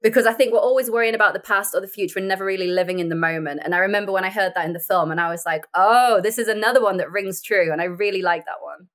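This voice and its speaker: A young woman, an actress chatting as a podcast guest, animated and laughing often as she tells stories. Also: mid-range voice, rapid-fire, hardly any pauses. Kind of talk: casual chat.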